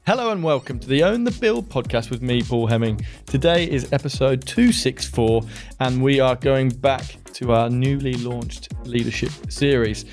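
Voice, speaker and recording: A man's voice: medium pitch, moderate pace, a little mellow, faint music behind. A man from the Midlands hosting an interview podcast, chatty and enthusiastic, often laughing. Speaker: podcast host. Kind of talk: casual interview chat.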